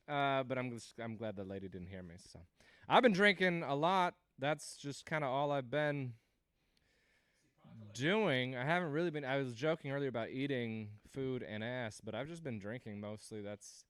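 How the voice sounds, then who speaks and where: A man's voice: mid-range voice, clean tone, no room sound. A man in his thirties doing a rambling, self-deprecating stand-up set on a livestream, laughing at his own jokes. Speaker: stand-up comedian hosting a livestream.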